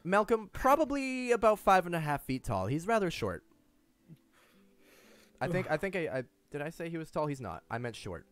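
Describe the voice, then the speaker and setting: A man's voice: a little high, big pitch swings, moderate pace, fairly bright tone, dry recording. A man narrating as game master of a tabletop game, describing scenes and laughing easily with his players.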